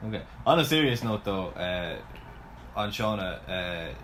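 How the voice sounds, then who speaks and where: Lower-voiced man, deadpan. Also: a little slow, a little hiss or hum, rough recording. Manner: dry, blunt, deadpan put-downs. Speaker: podcast co-host. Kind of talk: casual chat about fantasy sports.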